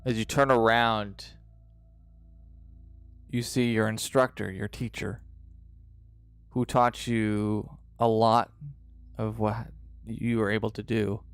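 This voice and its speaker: A man narrating a tabletop game as game master, in a dramatic, drawn-out style with pauses. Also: fairly low pitch, flat delivery, smooth, dry recording, faint music behind.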